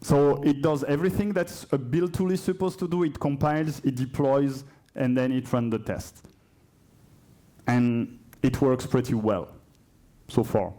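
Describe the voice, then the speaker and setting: A man's voice: medium pitch, fairly even intonation, measured pace, warm tone. A man with a French accent giving a conference coding demo, hesitant and self-correcting with chatty asides. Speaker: conference speaker. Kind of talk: live coding talk. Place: conference hall.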